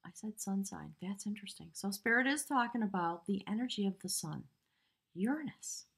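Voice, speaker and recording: A woman's voice: mid-range voice, expressive, moderate pace, vocal fry, fairly bright tone, husky. A woman giving a spiritual tarot reading, earnest and emotional, rambling with fillers. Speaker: tarot reader.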